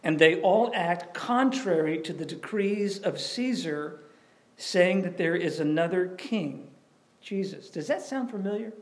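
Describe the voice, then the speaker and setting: A man preaching a sermon in a conversational, animated way, often asking questions of the audience. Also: high voice, unhurried. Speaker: pastor.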